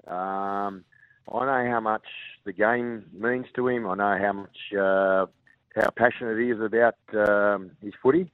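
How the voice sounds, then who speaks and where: A low-pitched Australian man coaching rugby league, speaking in halting bursts full of fillers and restarts. His voice comes through a tinny phone line, dry and close. It sounds like a call-in to a sports radio show. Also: steady tone, no echo. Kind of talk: radio interview over the phone.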